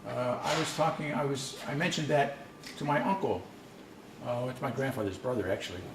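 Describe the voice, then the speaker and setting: A man's voice: medium pitch, a little fast. A man presenting a language workshop, explaining in a conversational storytelling way with frequent restarts. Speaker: language instructor. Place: conference session room. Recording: echoey room, distant mic, faint noise.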